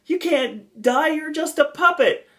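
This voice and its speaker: A man doing a high, drawling dragon puppet. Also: expressive, a little slow, fairly bright tone, exaggerated voice. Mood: melodramatic. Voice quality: put-on southern drawl. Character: hammy dying dragon puppet, male, southern drawl.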